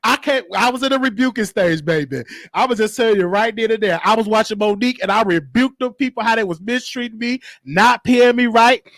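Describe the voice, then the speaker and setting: A man hosting a show, telling a story and giving commentary in an animated, preachy way. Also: high voice, fairly quick, hardly any pauses, no echo. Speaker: show host. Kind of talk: casual commentary monologue.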